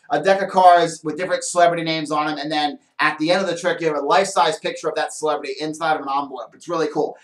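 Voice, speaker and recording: A man's voice: fairly high pitch, fairly bright tone, reverberant. A man hosting a magic show, explaining tricks in a chatty, rambling way with lots of fillers. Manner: chatty, rambling, with many fillers and playful asides. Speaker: magician host. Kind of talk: casual how-to talk on magic. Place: small room with a counter and shelves.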